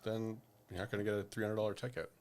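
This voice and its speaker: A man co-hosting a podcast, telling a story in a loose, profane, animated way. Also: on the low side, quick pace. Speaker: podcast co-host. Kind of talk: casual storytelling chat.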